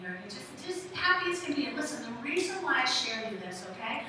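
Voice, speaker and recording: Telling stories and questioning her congregation, a woman in her sixties preaches quickly in a high voice with big swings in pitch. The recording comes from a distance in an echoey hall, and room noise is audible.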